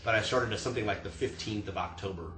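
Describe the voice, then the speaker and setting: A man's voice: on the low side, fast, background noise. Chatty man in an echoey room. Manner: chatty storyteller, joking. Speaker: tasting room manager. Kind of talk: casual livestream chat. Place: home room. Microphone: video stream mic.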